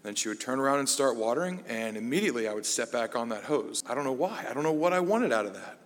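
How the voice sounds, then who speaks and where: Man, bible study teacher, chatty self-mocking storyteller, middle pitch, ringing hall reverb. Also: quick pace, a little hiss or hum. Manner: self-deprecating storyteller, relaxed and conversational. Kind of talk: conversational sermon.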